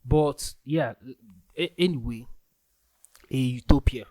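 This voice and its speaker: A man's voice: medium pitch, slow pace, mellow, dry recording. A young man with a Nigerian accent hosting a casual solo podcast, rambling through his thoughts with many restarts and filler words. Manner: rambling, loose, full of restarts and "like". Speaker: podcast host.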